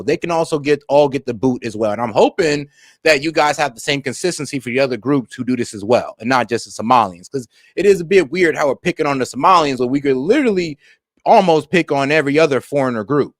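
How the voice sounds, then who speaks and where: A man's voice: fairly high pitch, expressive, fast talker, dry recording, clean studio sound. A man hosting a stream, reacting to news clips in blunt, slangy, casual talk aimed straight at his viewers.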